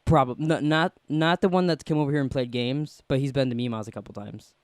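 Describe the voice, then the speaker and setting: A man hosting a podcast, telling a story in a casual, animated way and acting out the people he quotes. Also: mid-range voice, a little fast, no echo, studio quality. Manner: animated, acts out quoted voices. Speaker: podcast host.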